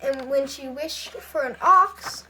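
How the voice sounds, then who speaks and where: Slow, high-voiced woman reading a picture book. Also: bright, forceful tone, a little hiss or hum. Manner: slow, careful storytelling. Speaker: storybook reader.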